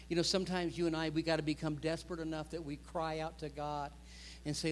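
A man in his fifties preaching a sermon, building to loud, impassioned stretches and acting out quoted prayers. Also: on the high side, little pitch movement, fast talker, in a large hall, slight background noise. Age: 50s. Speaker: pastor.

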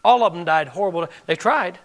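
A man's voice: high voice, brisk, gravelly. A man, preaching a sermon as pastor, building emphasis and asking the congregation direct questions.

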